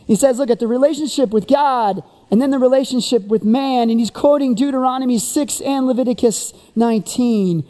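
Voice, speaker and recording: A preacher giving a sermon, who retells the story in an animated way and keeps asking the listeners rhetorical questions. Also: medium pitch, fairly quick, hardly any pauses, long reverb tail.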